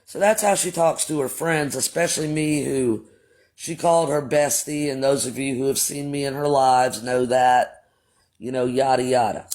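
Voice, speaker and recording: A man runs a livestream, telling a story in a relaxed, blunt and profane style and speaking right to his viewers, whom he calls "y'all." His medium-pitched voice is a little mellow and moves at a moderate pace.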